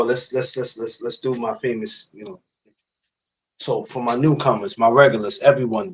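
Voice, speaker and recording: A man in the host's chair of a boxing podcast, talking casually to his viewers in a loose, slangy way. His voice sits at an ordinary middle pitch for a man. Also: rough recording. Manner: loose and chatty, slangy greetings to the audience. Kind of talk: casual livestream podcast chat.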